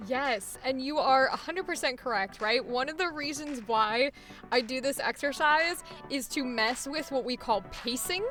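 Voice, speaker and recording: A woman voice acting coach explaining technique in an animated way, laughing often. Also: sits high, normal speed, soft background music. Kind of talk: coaching session.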